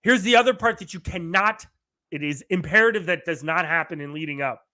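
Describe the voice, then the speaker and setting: A middle-aged man hosting a podcast, delivering an energetic solo rant, emphatic and often asking "right?" while acting out quoted dialogue. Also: high-pitched. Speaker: podcast host.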